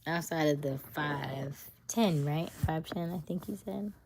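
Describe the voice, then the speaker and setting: A woman's voice: low voice, a little slow, background noise. A young woman hosting a casual livestream, chatting and reacting to viewer messages with teasing asides. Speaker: livestream host. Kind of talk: casual live chat.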